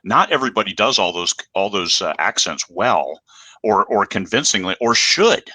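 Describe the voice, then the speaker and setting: This middle-aged podcast host chats casually, candid and self-deprecating, rambling and restarting often. His voice is on the low side, animated, bright, forceful and husky, at a moderate pace, recorded dry.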